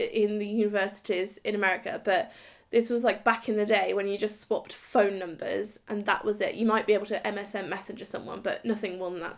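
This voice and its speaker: A woman's voice: mid-range voice, vocal fry. A woman in her thirties telling a funny personal story to camera in a chatty, giggly way, acting out what people said. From Britain. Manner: chatty, giggly, acts out quoted dialogue. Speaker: vlogger. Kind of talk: comic storytime monologue.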